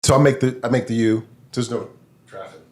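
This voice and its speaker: A man, a podcast guest, retelling a personal story in a lively, casual way. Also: mid-range voice, fairly quick. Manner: animated, vivid retelling.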